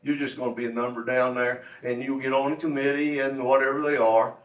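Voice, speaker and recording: At a club meeting, a man running for state delegate delivers a folksy, meandering campaign speech and repeats himself for emphasis. He talks briskly in a medium-pitched, level voice, and the meeting room recording is echoey from a distant mic.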